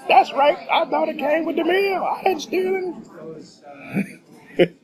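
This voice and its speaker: A man voicing a belligerent male customer who keeps denying he stole a salad, in a squeaky, indignant tone. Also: steady tone, moderate pace.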